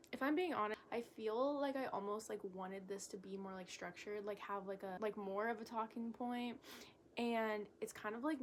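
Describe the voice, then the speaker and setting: A young woman making a casual vlog, talking in a halting, candid way with lots of fillers and self-corrections. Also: medium pitch, slight background noise. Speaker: vlogger. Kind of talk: rambling stream-of-consciousness vlog.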